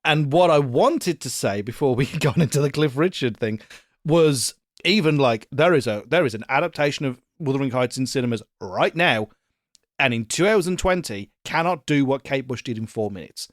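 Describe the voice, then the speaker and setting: Sweary, animated podcast co-host. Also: male voice, mid-range voice, normal speed, dry recording, studio quality. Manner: animated, laughing often, sweary. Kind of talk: casual chat.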